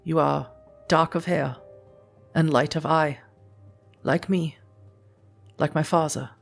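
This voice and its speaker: A stern werewolf mother, blunt and cutting, speaks in a low, firm woman's voice, put on by a storyteller in a tabletop game. The tone stays measured and hard, with faint music underneath. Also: steady tone, creaky, exaggerated voice.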